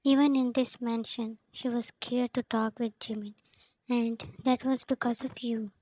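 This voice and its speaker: A firm, fair-minded mother who speaks plainly to her grown son, read out by a woman. Her words come slowly and evenly, in a fairly high voice. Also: flat delivery, a little mellow, dry recording, low-quality recording.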